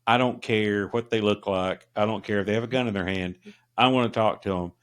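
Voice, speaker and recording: Here a middle-aged man co-hosts a podcast, his low, resonant voice clear and a touch quick, with little rise and fall. He spins long, meandering casual stories loaded with fillers like "uh" and "you know."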